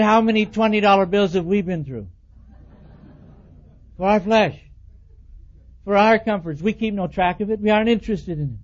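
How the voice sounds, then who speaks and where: Folksy high-voiced male preacher, lo-fi. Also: normal speed, long pauses. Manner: folksy, acts out quoted voices with rising pitch. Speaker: pastor. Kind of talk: expository sermon. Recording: dull lo-fi sermon recording.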